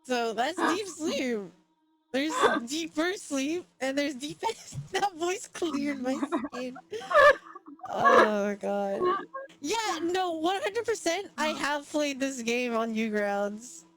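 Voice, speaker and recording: A woman friend chatting casually while gaming, giggly and quick to exclaim. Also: sits high, lively intonation, fairly bright tone. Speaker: co-player friend.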